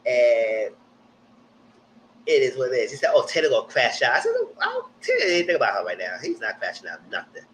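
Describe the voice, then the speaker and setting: Animated man recapping reality TV. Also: medium pitch, brisk, slight background noise, rough recording. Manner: animated, exaggerated re-enactments of cast reactions. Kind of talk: live casual commentary.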